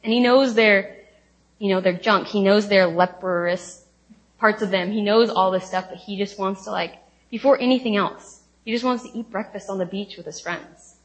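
A young woman gives a relaxed teaching talk on a Bible story. She speaks informally and chattily, with plenty of fillers and playful retellings. Her pitch sits in an ordinary middle range. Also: normal speed, dull audio. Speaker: speaker at a college ministry talk.

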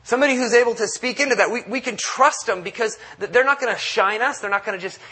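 Husky, bright-voiced man preaching. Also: extremely high pitch, fast. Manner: conversational preaching with acted-out quotes and many restarts. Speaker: pastor. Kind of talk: sermon.

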